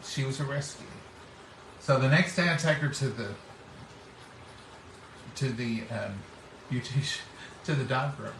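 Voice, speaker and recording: A man's voice: medium pitch, a little slow, pauses often, a bit bright, a little hiss or hum. Folksy man, distant roomy sound. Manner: folksy, acts out quoted speech. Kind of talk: casual storytelling chat.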